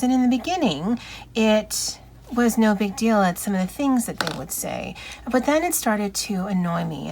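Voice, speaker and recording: A woman with a Hawaiian accent chatting casually in a vlog, soft and halting, stumbling over her words while she works on a picture. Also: mid-range voice, a little hiss or hum. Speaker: YouTuber.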